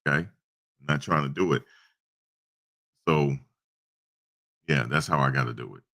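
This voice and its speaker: A YouTube livestream host talks with a rumbling low voice and a fairly bright tone. He narrates a story casually, repeating points conversationally and throwing in preachy comments.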